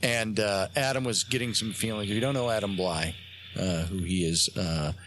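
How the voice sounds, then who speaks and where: A man, a guest on a talk show, tells a long story in a halting way, with many fillers and restarts. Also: fairly low pitch, a bit bright, a little hiss or hum. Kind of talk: casual storytelling on a radio show. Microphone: phone line.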